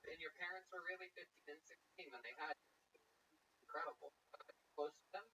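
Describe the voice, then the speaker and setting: A man's voice: fairly high pitch, fairly even intonation, fairly quick, bright, forceful tone. Man, comedy host, crowd work, profane, mocking, distant mic, faint noise. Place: comedy club stage.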